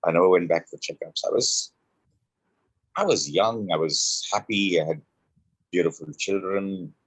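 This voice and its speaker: Deep husky man, heartfelt. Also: a little slow, dry recording, low-quality recording. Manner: heartfelt, repeats himself for emphasis. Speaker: interview guest, entertainer. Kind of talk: emotional personal story.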